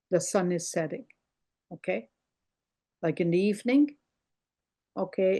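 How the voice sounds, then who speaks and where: An older woman teaching a language lesson over a video call, repeating words slowly and explaining how they sound. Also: lowish voice, a little mellow. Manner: slow, repeats words carefully, explaining pronunciation.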